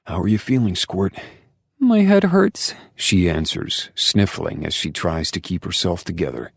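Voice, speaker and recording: A man narrating a dark romance audiobook in the first person, with intense, emotional delivery and hushed passages. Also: a bass voice, vocal fry, no echo, clean studio sound.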